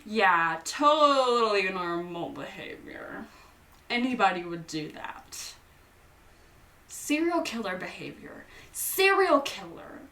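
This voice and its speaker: A woman's voice: medium pitch, very animated, slow pace, bright, forceful tone, roomy sound, far from the mic. A young woman hosting a casual movie recap, chatty and playful, acting out the characters' lines. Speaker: host.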